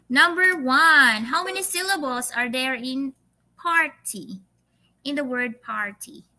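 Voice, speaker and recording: A woman's voice: sits high, bright, forceful tone, rough recording. A Filipino woman teacher leading an online English lesson, reading quiz questions patiently and drawing her words out, with Tagalog fillers. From Philippines.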